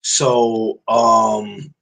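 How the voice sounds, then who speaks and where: A man's voice: lowish voice, little pitch movement, very slow, gravelly, fairly bright tone, rough recording. A man hosting a boxing podcast, chatting loosely with his audience in slangy greetings and asides. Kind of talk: casual livestream podcast chat.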